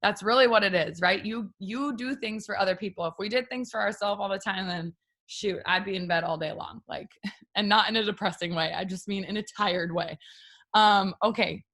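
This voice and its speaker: A young woman chats with her viewers in a loose, heartfelt way, peppering her sentences with fillers. Her voice is bright and ringing, pitched right in the middle for a woman. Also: normal speed. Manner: chatty and emotional, many "like" fillers. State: near tears at times. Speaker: livestream host. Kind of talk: casual talk to viewers.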